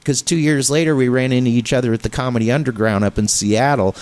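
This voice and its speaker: Animated middle-aged man telling a story. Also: fast. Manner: animated anecdote-telling, pitch jumps when excited. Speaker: comedian and radio show regular. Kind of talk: casual storytelling on talk radio.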